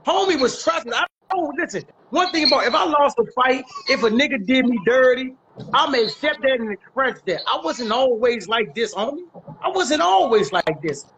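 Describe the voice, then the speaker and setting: A man with a Washington, D.C. accent talking in a strikingly high voice. He speaks emphatically in a casual interview, circling back to repeat his points with lots of street slang. A faint hiss sits under the recording. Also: animated, moderate pace, fairly bright tone, rough recording. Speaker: guest.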